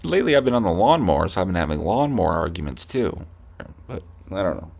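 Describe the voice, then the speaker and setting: Podcast host, young man, low voice with lively swings, profane comic ranter. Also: quick pace, gravelly, slightly rough. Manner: profane, acts out heated arguments with himself. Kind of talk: comedic rant.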